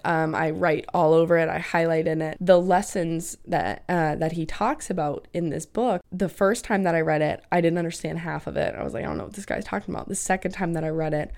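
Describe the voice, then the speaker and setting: A woman's voice: fairly low pitch, creaky, a little mellow. A young woman in her twenties hosting a casual solo podcast, chatty and peppering her talk with "like" and the odd swear word. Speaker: podcast host.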